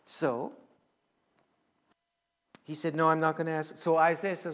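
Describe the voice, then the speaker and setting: A man's voice: fairly high pitch, level tone, a little slow, long pauses, a bit bright. A man preaching a sermon as a pastor, casual and conversational, rising into emphatic pleading bursts. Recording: long hall reverb.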